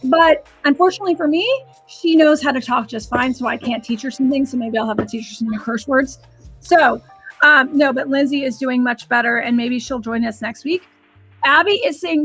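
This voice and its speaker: A woman's voice: high-pitched, fairly bright tone. A woman hosting a live psychic reading stream, talking in a chatty, rambling way and often restarting her sentences. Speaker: psychic and animal communicator host.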